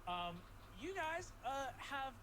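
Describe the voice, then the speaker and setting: A man running a tabletop game as game master, narrating a sci-fi recap in a dramatic, halting way with many fillers. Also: extremely high pitch, sing-song. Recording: noisy recording.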